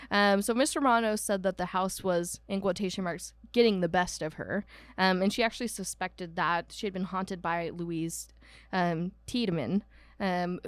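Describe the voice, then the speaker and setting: This podcast co-host has a fairly low-pitched voice and there's no room sound. Speaking in an Ohio accent, she chats her way through a haunted house history, full of fillers like "um" and frequent self-corrections.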